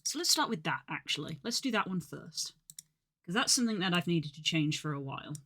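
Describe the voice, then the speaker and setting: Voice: medium pitch, very animated, fairly quick, bright, forceful tone. A live streamer chatting casually and a little out of breath, rambling with lots of fillers and poking fun at their own lateness. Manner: rambling, filler-heavy, self-deprecating. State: slightly out of breath.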